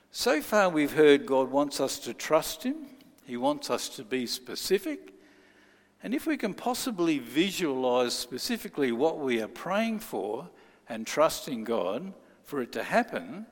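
Man, preacher, sermon, lively storytelling pitch, reverberant church hall. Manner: storytelling, acts out quoted voices.

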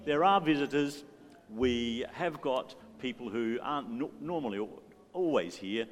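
A man with an expressive, mid-range voice and a slightly slow pace leads a church service as worship leader. He keeps it playful and joking while coaxing the congregation to join in, in a reverberant church hall with faint music.

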